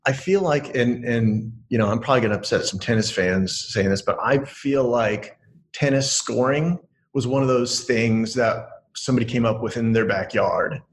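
A man co-hosting a podcast, talking casually in a rambling, animated way and laughing often. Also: medium pitch, moderate pace, poor audio. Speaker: podcast co-host.

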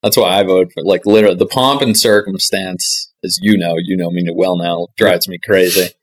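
A man hosting a podcast, telling a story in a casual, animated way. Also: low-pitched, normal speed. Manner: animated anecdotes with laughs and acted quotes. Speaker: podcast host.

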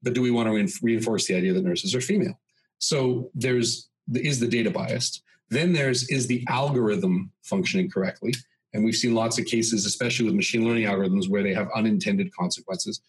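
On a podcast, a guest with a husky, low voice talks a little fast, an expansive storyteller who fills long anecdotes with example after example in a conversational interview. The audio is poor.

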